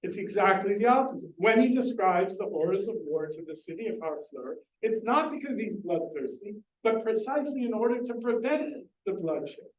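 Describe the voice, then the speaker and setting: Male lecturer, high voice, earnest and explanatory, distant mic, roomy hall sound. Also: lively intonation, moderate pace, few pauses, a little hiss or hum. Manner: earnest, explanatory, addresses the audience with questions. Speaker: lecturer on Shakespeare. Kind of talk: public lecture. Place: library meeting room. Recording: echoey room, distant mic.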